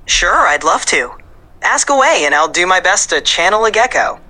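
A woman's voice: fairly low pitch, very animated, moderate pace, bright, forceful tone. A computer-generated female voice of an AI assistant, upbeat and accommodating, chatting like a podcast guest. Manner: upbeat, accommodating, eager to please.

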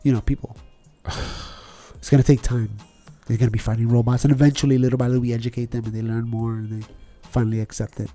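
Fast-talking New man, mellow tone. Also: medium pitch, no room sound, soft background music. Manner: animated, slips into quick impressions. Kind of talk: casual chat.

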